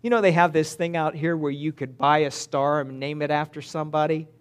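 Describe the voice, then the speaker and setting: Male pastor, fairly high voice, sermon delivery, reads verses slowly, punches key words then drops to a near hush. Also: fairly even intonation, clean tone. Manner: emphatic, with sudden swings between loud and hushed delivery; reads scripture slowly and deliberately.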